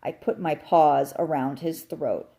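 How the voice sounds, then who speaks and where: A woman reading a children's novel aloud in an expressive storytelling manner. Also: deep voice, measured pace, gravelly. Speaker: audiobook reader.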